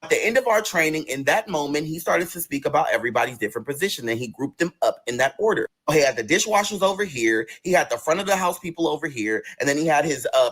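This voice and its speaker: Husky, fast-talking young man telling a story. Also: a little high. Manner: profane, animated, acts out quotes in other voices. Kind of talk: casual storytelling.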